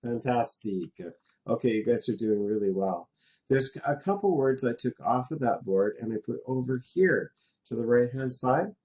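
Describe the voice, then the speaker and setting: A man's voice: mid-range voice, expressive, moderate pace, darkish tone. A middle-aged man from western Canada teaching a class, patient and chatty, laughing now and then as he explains. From Canada, West Coast. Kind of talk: classroom lesson in a virtual world.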